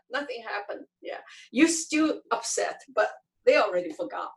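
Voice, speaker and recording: Higher-voiced woman host in an echoey room. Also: sing-song, measured pace, gravelly. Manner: brief affirming responses. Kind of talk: casual chat.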